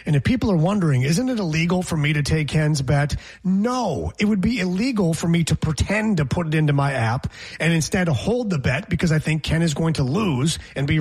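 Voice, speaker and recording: A man hosting sports talk radio, teasing his co-host and telling animated stories. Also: a little high, slightly rough.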